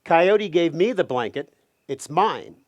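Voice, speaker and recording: A man voicing a stubborn male talking boulder in a spoken folk tale, flat and unyielding. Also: on the high side, takes it slowly, no room sound, lo-fi sound, pitched below the performer's own voice.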